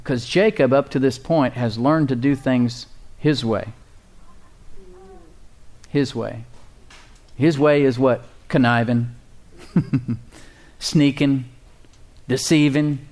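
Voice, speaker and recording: A man's voice: medium pitch, steady tone, slow pace, pauses often, darkish tone. A man preaching a sermon. He reads scripture aloud and breaks off into plain-spoken, folksy asides to his listeners. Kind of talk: sermon reading and explaining scripture.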